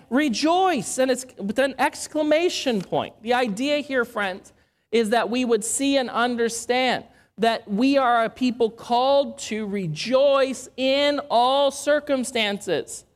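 A woman preaching a sermon in an earnest, measured way, asking rhetorical questions. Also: a little high.

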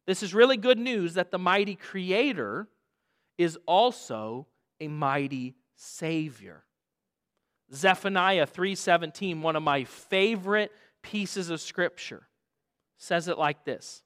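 Male pastor preaching, lively rising and falling pitch, dramatic emphasis, repeated phrases. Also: slow pace. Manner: dramatic, swings from hushed to loud emphasis. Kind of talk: sermon.

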